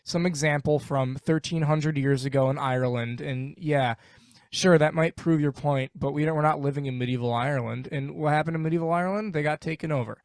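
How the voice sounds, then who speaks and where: A man ranting emphatically in a casual podcast chat, animated and swearing. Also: fairly high pitch, fairly quick, no echo, studio quality. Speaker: podcast guest.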